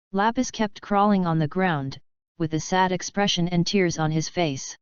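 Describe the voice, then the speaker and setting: Clear low-pitched woman reading a story. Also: normal speed, no room sound, highs cut off. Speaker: narrator. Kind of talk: audiobook reading.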